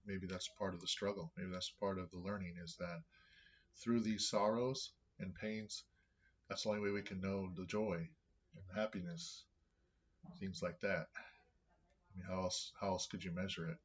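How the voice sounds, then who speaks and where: A man reading scripture aloud on his vlog and thinking out loud about what it means. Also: deep voice, level tone, normal speed, husky, muffled recording. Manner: thinking aloud, with many restarts.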